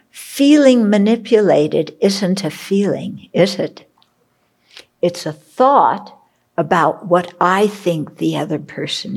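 Woman Buddhist teacher, reflective dharma talk; unhurried, husky. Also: on the low side. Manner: reflective, checks in with "okay?", acts out inner voices.

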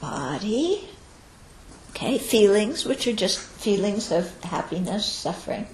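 A woman's voice: medium pitch, sing-song, slow, a little hiss or hum. A woman giving a Buddhist teaching to students, explaining step by step and often checking in with "okay?". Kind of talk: dharma talk to students. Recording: roomy echo.

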